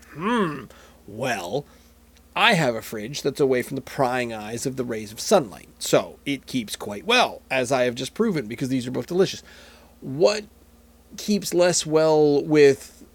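A man's voice: on the high side, husky. Rambling man hosting a beer podcast. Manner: rambling, jokey, self-mocking. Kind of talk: casual solo chat while tasting beer.

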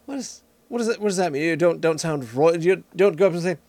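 A man talks casually on a podcast in a fairly high, very lively voice. He keeps restarting and trailing off as he works through his thoughts. The sound is dry and close, with no room around it. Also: fast, dry recording. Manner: animated, restarts and trails off mid-sentence. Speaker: podcast co-host. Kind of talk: casual chat.

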